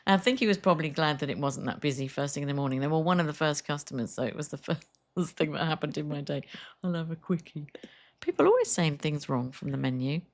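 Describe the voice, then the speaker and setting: A middle-aged woman co-hosting a podcast, chatting casually and telling lively stories, acting out what customers said. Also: low voice, fast talker. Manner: chatty storyteller, acts out customers' lines. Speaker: podcast co-host. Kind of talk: casual chat.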